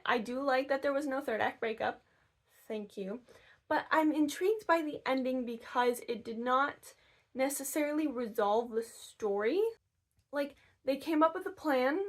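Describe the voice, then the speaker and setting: A young woman from Michigan chatting casually in a reading vlog, gushing and excitable. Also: fairly high pitch. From Michigan, USA. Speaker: book vlogger. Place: camper.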